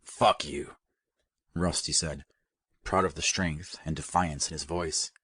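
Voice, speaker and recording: A male audiobook narrator with an extremely low, husky voice. He reads steadily and evenly, and the recording is close and dry. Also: steady tone, measured pace, a bit bright, no echo. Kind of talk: scripted narration.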